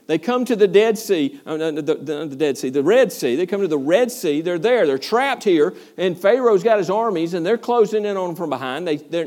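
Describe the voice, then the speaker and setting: A man teaching a verse-by-verse Bible study as a pastor, preaching with energy, acting out voices and questioning his listeners. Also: sits high. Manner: animated preaching, acts out complaining voices, asks the listeners questions.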